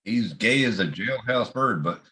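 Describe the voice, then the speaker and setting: A man's voice: on the low side, expressive, measured pace, pushed and bright, slight background noise. A man chatting loosely on a livestream, swearing and laughing often. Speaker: guest on a livestream chat. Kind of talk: casual chat.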